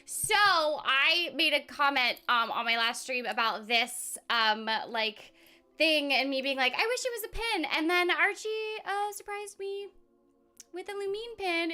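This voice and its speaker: Very bright, high, bubbly woman streamer. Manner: bubbly and chatty, scatting filler sounds; giggly, rambling with restarts. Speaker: game streamer and voice actor. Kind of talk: casual live-stream chat with viewers.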